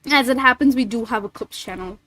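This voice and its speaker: A woman's voice: fairly high pitch, fast talker, fairly bright tone, no echo, rough recording. A young woman voice actor chatting casually with viewers on a livestream, giggly, slangy and given to swearing. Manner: giggly, slangy and profane, reacting to chat.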